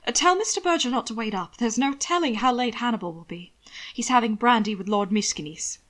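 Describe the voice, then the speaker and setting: A woman voicing a wry, gentle young nobleman in a read-aloud story, dry in manner. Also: a little high, a little fast.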